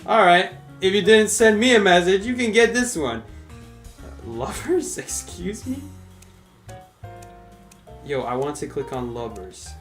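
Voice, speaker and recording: A man's voice: high-pitched, expressive, a little slow, pauses often, fairly bright tone, echoey room, faint music behind. A man chatting casually on a game live stream, laid-back and laughing often as he talks to viewers. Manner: laid-back, laughs often, calls chat "brother" and "dude".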